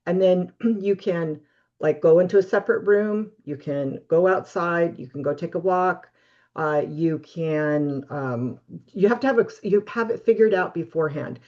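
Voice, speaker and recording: A woman guest giving steady, practical advice in a webinar interview over a video call. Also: on the low side, unhurried, lo-fi sound. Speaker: guest expert on relationships.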